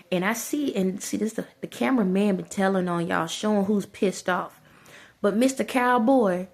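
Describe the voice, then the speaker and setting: A woman's voice: medium pitch, moderate pace, vocal fry, a little mellow. A woman vlogger in casual, rambling commentary who repeats herself, talks straight to her viewers and breaks into frequent laughter. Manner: colloquial, addresses viewers as y'all.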